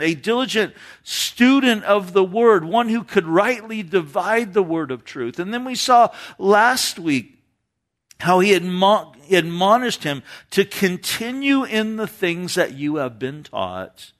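A man's voice: high-pitched, a bit bright. A male pastor preaching an earnest sermon to his congregation, reading scripture aloud and explaining it verse by verse. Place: church sanctuary with a live congregation.

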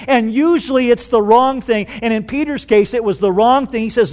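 A man preaching a sermon, telling stories with animated delivery and rhetorical questions. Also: very high-pitched, normal speed, hardly any pauses. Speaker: pastor.

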